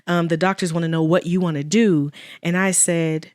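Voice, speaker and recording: A woman's voice: lowish voice, steady tone, normal speed, darkish tone, no echo, clean studio sound. A woman guest in an interview telling a personal story with earnest faith and quoted dialogue. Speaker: guest, widow.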